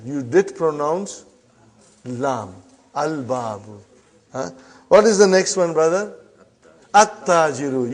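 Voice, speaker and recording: A man with a fairly high voice, teaching Arabic grammar to an online class. He says each phrase slowly, then explains it in quick English and asks his brothers and sisters if they follow. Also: a little mellow. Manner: addresses students as brothers and sisters, checks understanding with "huh?".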